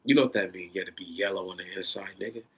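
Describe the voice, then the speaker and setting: A man in an unscripted, profane rant, swinging between loud bursts and a held-down, controlled tone. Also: sits low, fast, breathy edge. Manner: says he is holding his voice down in a controlled tone. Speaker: vlogger.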